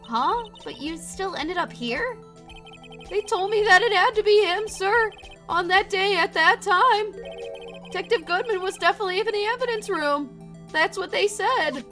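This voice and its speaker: A woman voicing an overeager young male police officer who speaks loudly and nervously. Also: very high voice, lively intonation, normal speed, soft background music, pitched above the performer's own voice, heavily acted. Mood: eager. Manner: loud, nervous, apologetic. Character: jittery, overeager young male cop who says "sir".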